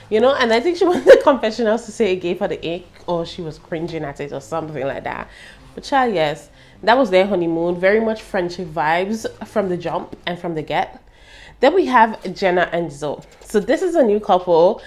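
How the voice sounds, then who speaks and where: A young British woman reviewing a TV show in a casual, animated way, laughing and throwing in slangy asides. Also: mid-range voice, normal speed. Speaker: TV review vlogger.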